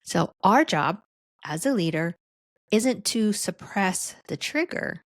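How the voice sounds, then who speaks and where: A woman's voice: medium pitch, animated, takes it slowly, dry recording, studio quality. A woman hosting a solo podcast, teaching leadership in a conversational way, often checking in with "right?". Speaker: leadership coach and podcast host.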